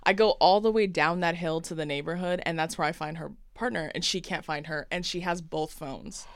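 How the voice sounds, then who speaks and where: A young woman chatting on a podcast, her slightly low voice smooth and clear, recorded close and dry. She tells a story animatedly, acting out what people said and laughing along the way. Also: brisk, dry recording. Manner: animated, acts out quotes, laughs often. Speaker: podcast co-host. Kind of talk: casual storytelling chat.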